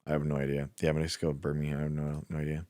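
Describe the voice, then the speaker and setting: A man's voice: extremely low pitch, completely flat delivery, rapid-fire, warm tone. A young American man hosting a nightly livestream, chatting with viewers, rambling and saying "like" and "dude" a lot. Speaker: livestream host. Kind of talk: casual chat with chat viewers.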